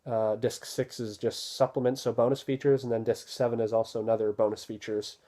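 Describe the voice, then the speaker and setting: A man casually talking through an unboxing, relaxed and rambling with many fillers. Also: medium pitch, a little fast. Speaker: video host reviewing a disc set.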